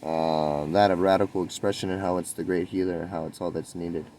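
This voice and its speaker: Deep-voiced man musing aloud. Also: flat delivery, brisk, slight background noise, rough recording. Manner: meandering, musing, soft-spoken with sudden lifts. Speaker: spiritual vlogger. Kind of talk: rambling spontaneous monologue.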